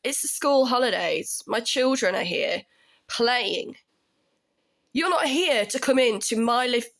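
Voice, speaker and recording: A woman's voice: fairly high pitch, vocal fry, a bit bright. A woman in her thirties, a tenant telling her story in a casual, indignant rant that climbs into raised exasperation.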